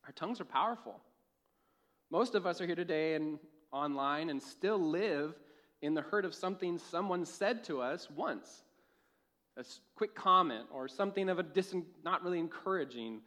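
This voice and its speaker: A young man preaching a sermon in a church, telling a lively personal story and laughing at his own jokes. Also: on the high side, moderate pace. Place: church with a live audience.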